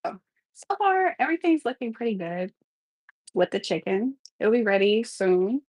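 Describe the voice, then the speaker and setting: A woman's voice: on the high side, expressive, a little slow, long pauses, a little mellow, no room sound, rough recording. A young woman live streaming while she cooks, chatting casually and talking back to her chat with sass. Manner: sassy, talks back to the chat.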